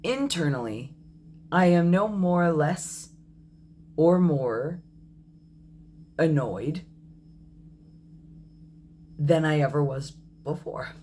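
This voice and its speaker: A man in his thirties speaks slowly and thoughtfully in a personal video diary. His talk is candid and reflective, with an apologetic edge, frequent ums and small self-corrections. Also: a little high, expressive, a little mellow, a little hiss or hum. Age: 30s. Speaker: vlogger.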